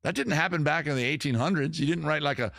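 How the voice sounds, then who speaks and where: A man's voice: on the high side, fast talker, gravelly, a bit bright. A man hosting a casual music and drinking show, rambling through self-mocking jokes between songs. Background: guitar music.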